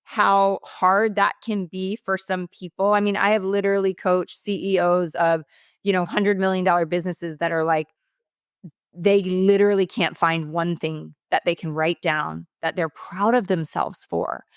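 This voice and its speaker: A woman's voice: on the low side, little pitch movement, normal speed, clean tone, no room sound, clean studio sound. A middle-aged woman, a mindset coach, speaking as a guest in a podcast interview in an emphatic, motivational way.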